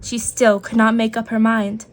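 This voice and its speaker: A woman narrating a children's picture book aloud in a gentle, expressive way. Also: a little high, moderate pace. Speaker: storyteller.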